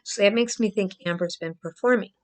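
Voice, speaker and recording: A woman talks straight to her viewers in loose, emphatic commentary. Her voice sits in an ordinary middle pitch, and she repeats phrases to drive a point home. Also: fairly quick. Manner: emphatic, repeats herself, acts out crying. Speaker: vlogger commenting on a trial. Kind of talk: casual commentary to camera.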